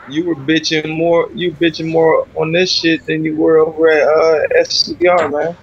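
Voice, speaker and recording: A man's voice: fairly high pitch, little pitch movement, moderate pace, muffled recording, a crowd in the background. A man co-hosting a casual chat, teasing and trash-talking the other player.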